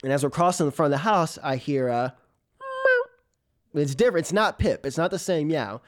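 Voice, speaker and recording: A male comedian telling a true story on stage with plenty of energy. His voice sits somewhat high for a man, and he breaks into laughter as he goes and slips into squeaky meows to play the cat. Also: fast talker. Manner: animated, laughing through the telling, mimics a cat's meows. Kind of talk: live storytelling.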